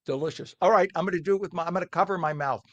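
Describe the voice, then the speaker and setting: A man's voice: sits high, very fast, lo-fi sound. A man hosting a live morning TV show, chatty and jokey, tasting food as he talks. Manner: chatty, jokey, talking with his mouth full.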